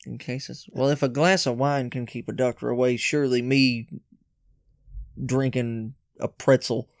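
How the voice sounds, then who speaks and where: A man's voice: medium pitch, fairly even intonation, a little slow, dry recording, studio quality. A man guest on a podcast, telling stories in a laid-back, hesitant way with many uhs. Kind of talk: casual storytelling.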